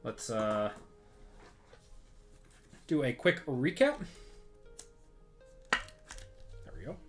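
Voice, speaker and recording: A man's voice: medium pitch, wildly swooping pitch, very slow, soft background music. A man hosting a live sports card break stream, upbeat and rattling off long lists of pulled cards.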